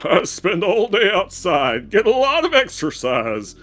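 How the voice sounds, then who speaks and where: Streamer guy reading a grumpy slow-talking garbage man, swoopy tone, game music faint behind. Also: sits high, wildly swooping pitch, fairly bright tone, heavily acted. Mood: grouchy. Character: grouchy male garbage worker, hardworking. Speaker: voicing a game character.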